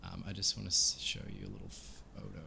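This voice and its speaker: Male game master, deep voice, loose and hesitant narration. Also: sing-song, quick pace, vocal fry, background noise. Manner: hesitant, many fillers and self-corrections.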